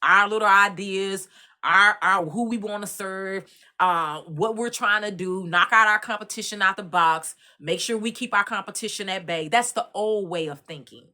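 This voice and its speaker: A middle-aged Texan woman hosting her own commentary, talking straight to her audience in a loose, storytelling way. Her voice is bright and forceful, with a middle pitch, and she pulls listeners in with lots of "right?" and "you understand what I'm saying?". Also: normal speed. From Dallas, Texas. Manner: animated storytelling, addresses listeners directly. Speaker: commentary host. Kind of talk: casual commentary monologue.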